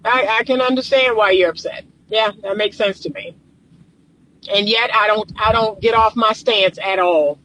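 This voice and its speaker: A relationship coach talks straight to camera in a casual, colloquial advice monologue, emphatic and preachy, laughing often between points. Her medium-pitched voice is steady, a bit bright, and at normal speed, though the audio is poor.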